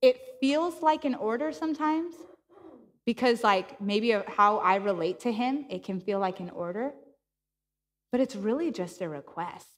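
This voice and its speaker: A woman with a fairly high voice delivers a sermon in a church, telling her story in an animated way and acting out the dialogue. Her voice carries a long reverb from the hall around her. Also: a little slow. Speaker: preacher.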